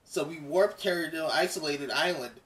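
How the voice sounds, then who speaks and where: A man reading out the lines of a calm young frog-girl hero in his own voice, slightly distant from the mic. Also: fairly high pitch, moderate pace, natural voice. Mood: steady.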